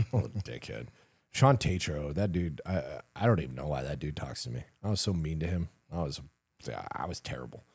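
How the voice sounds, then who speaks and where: Middle-aged male guest, deep and husky, very expressive delivery, blunt and self-deprecating. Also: brisk. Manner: animated, acts out quoted dialogue, swears casually, laughs at himself. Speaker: retired command sergeant major, guest. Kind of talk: candid conversational storytelling.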